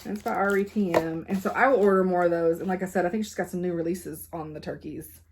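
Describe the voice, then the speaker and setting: A woman's voice: lowish voice, steady tone, fast, a little hiss or hum. Rambling woman crafter. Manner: rambling, laughs often, many fillers. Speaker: cross-stitch vlogger. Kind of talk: casual chatty rambling. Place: home craft office.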